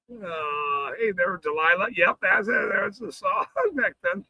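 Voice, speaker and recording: A man's voice: high-pitched, gravelly, sharp tone, low-quality recording. A man hosting a casual livestream, swearing and greeting viewers in chat between bursts of laughter. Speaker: livestream host.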